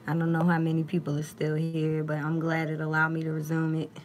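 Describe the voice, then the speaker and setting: A woman's voice: sits low, monotone, fairly quick, a little hiss or hum. A woman doing a casual, chatty live-stream tarot reading on her phone at home, partly reading aloud from a guidebook.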